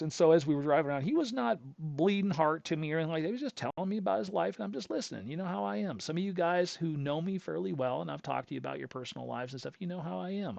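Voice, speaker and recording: A man's voice: on the high side, gravelly, dry recording. A man in his late forties, hosting a channel, tells a rambling, conversational story straight to his viewers and often corrects himself as he goes. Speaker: channel host. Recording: dull lo-fi sound.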